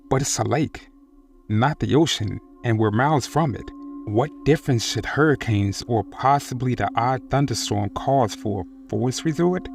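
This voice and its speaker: A man narrating a first-person horror story in a steady, scripted reading. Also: mid-range voice, vocal fry.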